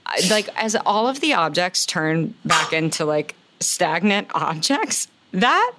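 Lowish woman podcast host, swears a lot, blunt casual movie chat. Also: slow pace, noisy background. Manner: swears often, blunt and animated.

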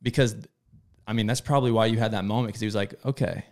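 A young married man co-hosts a faith podcast, his voice fairly low and steady in tone as he races along. He chats candidly, casually and enthusiastically about faith, calling people "bro."

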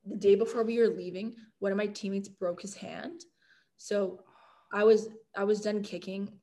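A young woman from Canada telling stories in a casual interview, chatty and animated, full of "like" fillers and laughter. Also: mid-range voice, moderate pace. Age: young adult. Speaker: guest, college football kicker.

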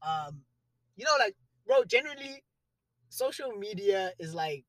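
A young South African man co-hosting a podcast, chatting casually, animated and laughing often. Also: sits high, a little slow, dry recording. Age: young adult. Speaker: podcast co-host. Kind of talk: casual chat.

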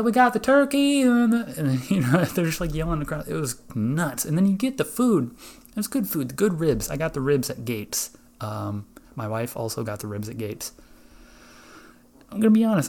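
A man's voice: mid-range voice, darkish tone. A man hosting his own podcast, telling rambling, profane stories in casual chat. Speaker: podcast host.

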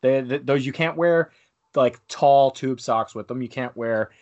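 A man's voice: medium pitch, unhurried, darkish tone, highs cut off. Man, casual wrestling talk, rambling, lots of fillers. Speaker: podcast co-host.

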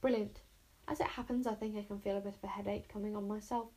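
A woman voicing an anxious young boy bodyguard who talks in high, flustered exclamations. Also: steady tone, fast talker, warm tone, lightly acted. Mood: glum.

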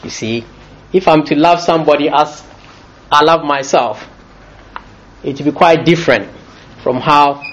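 Lively, laughing male preacher. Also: on the high side, normal speed, long pauses, lo-fi sound. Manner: lively, jokey, often laughing as he talks. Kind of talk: sermon.

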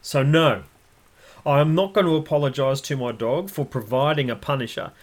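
A man's voice: medium pitch, animated, fairly quick. A man hosting a podcast, explaining dog training in a blunt, emphatic way. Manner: blunt, emphatic, acts out voices. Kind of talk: casual explanatory podcast talk.

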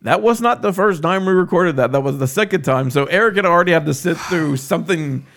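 A man's voice: a little high, lively intonation, a little fast, a bit bright. A young man co-hosting a casual group podcast, rambling with frequent restarts and laughing often. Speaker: podcast co-host.

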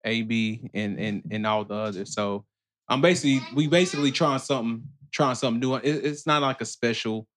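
A man's voice: medium pitch, a little fast, fairly bright tone. A man hosting a podcast as loose, casual chat among friends at home, laughing, slangy and a bit tipsy from drinks. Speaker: podcast host.

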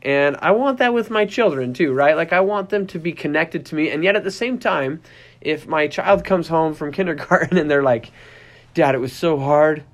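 A man in his thirties talks like a podcast host explaining something to listeners. His voice sits a little high for a man. He chats loosely, restarts sentences and now and then slips into playful little voices. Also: expressive, normal speed. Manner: conversational, many restarts, acts out puppy and child voices. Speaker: podcast host, dog trainer. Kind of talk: casual explanatory podcast talk.

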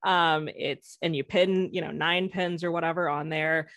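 A woman's voice: sits low, fairly even intonation, normal speed, fairly bright tone, dry recording. Rambling woman, dry close mic. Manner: rambling, many fillers and restarts, laughs often. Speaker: guest, former theme park employee. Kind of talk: casual podcast chat.

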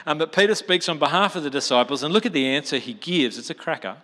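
Aussie guy preaching, bright voice, chatty, acts out the quotes, big hall echo. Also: fairly high pitch, quick pace. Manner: animated, acts out quotes with slang like mate. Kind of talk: conversational sermon. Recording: long hall reverb.

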